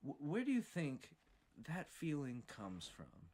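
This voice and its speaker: A nervous young missionary , as a man mimics him, who probes in a lower, quieter voice. He stalls and restarts each question on a doorstep visit told as a story. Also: huge pitch swings, exaggerated voice. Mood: timid probing. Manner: hesitant, halting questions.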